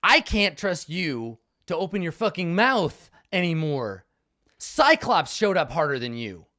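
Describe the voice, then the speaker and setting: A man playing a furious, shouting gang leader. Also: on the high side, sing-song, unhurried, pitched above the performer's own voice, full character voice. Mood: scornful. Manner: yelling, swearing, raised voice.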